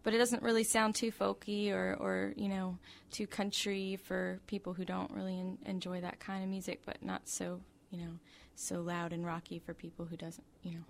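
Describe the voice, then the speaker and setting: A woman singer-songwriter chatting casually as a radio guest, halting with frequent ums. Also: mid-range voice, little pitch movement, creaky. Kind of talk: casual radio interview chat.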